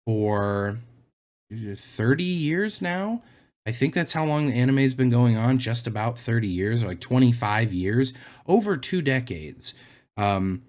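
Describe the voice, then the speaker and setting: A young man talking through an unscripted commentary rant in an ordinary mid-range voice. He is sarcastic and exasperated, and his pitch leaps high when he gets incredulous. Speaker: anime commentary youtuber.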